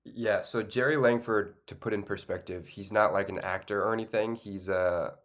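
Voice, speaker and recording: A man's voice: lowish voice, fairly even intonation, normal speed. A man co-hosting a podcast, chatting casually about a movie in a loose, rambling way with plenty of fillers and restarts. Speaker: podcast co-host. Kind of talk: casual film discussion.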